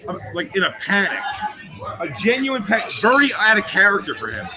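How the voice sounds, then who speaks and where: A man with a high, light voice tells a long story in a sit-down interview. He swears freely and often restarts his sentences. A crowd murmurs steadily behind him. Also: expressive, fairly quick, poor audio. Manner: profane, rambling, with restarts. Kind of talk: anecdotal storytelling in a documentary interview.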